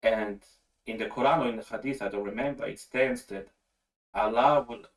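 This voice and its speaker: A man in an online voice chat poses questions in a relaxed, conversational way. His voice has a roomy echo and sounds set back from the microphone. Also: on the low side, normal speed, far from the mic.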